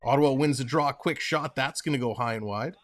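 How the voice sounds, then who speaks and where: Calling hockey play-by-play on his live stream, this man stays upbeat and chatty and talks with his chat viewers. He speaks fairly quickly in a mid-range voice.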